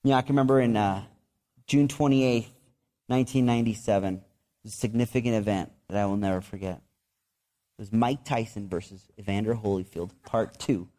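A man preaching a sermon as a pastor, talking to his church in a conversational way, with restarts and repeated words and bursts of animated storytelling. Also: lowish voice, normal speed. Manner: animated storytelling with excited outbursts.

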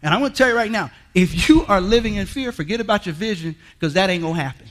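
A man preaching a sermon in a folksy, emphatic way, repeating lines and rising to shouts. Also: sits high, lively intonation, fast talker. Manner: folksy, colloquial. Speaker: guest preacher.

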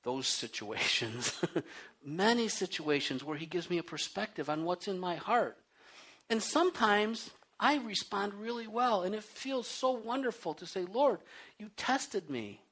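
Man, preacher, lively sweeping pitch, personal testimony, acts out his own pleas, reads scripture and explains it. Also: unhurried. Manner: animated storytelling, acting out his own pleas and rising to loud cries.

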